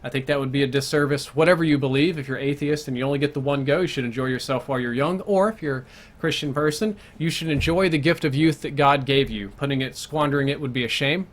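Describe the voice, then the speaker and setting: A young man streams a game live, chatting casually and fast in a mid-range voice, thinking aloud and answering viewers' questions between plays.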